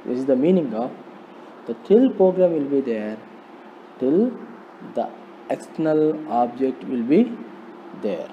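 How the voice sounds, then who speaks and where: Male lecturer, Indian English accent, slow and repetitive; dull lo-fi recording with faint hiss. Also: mid-range voice, very animated. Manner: slow, repetitive explaining, rhetorical questions. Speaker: polytechnic lecturer. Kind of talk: recorded classroom lecture on programming.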